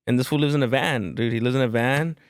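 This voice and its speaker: A man's voice: mid-range voice, very noisy. A male podcast host in casual chat, who laughs a lot and swears freely.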